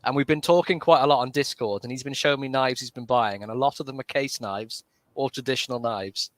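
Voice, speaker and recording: A man's voice: mid-range voice, brisk, dry recording. Playful British man, dry sound. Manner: laughs easily, playful. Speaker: co-host. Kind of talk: casual banter on a livestream.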